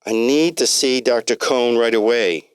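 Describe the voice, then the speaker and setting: A man's voice: medium pitch, normal speed, clean tone, dry recording, voice pushed up, lightly acted. A man voicing a sick, desperate middle-aged patient in a read-aloud story. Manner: pleading, urgent.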